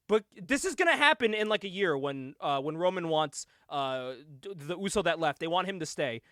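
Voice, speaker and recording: A man co-hosting a casual podcast, retelling events with animated energy and frequent laughter. His voice sits high and swings widely, with a bright edge. The sound is dry and close. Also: normal speed, no room sound. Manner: animated retelling, acting out quotes, laughing often. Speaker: podcast co-host. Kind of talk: casual chat.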